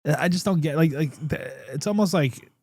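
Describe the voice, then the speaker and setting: A man hosting a podcast in a casual chat, reacting quickly and swearing freely. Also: on the high side, a little mellow, breathy edge, no echo, clean studio sound. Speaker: podcast host.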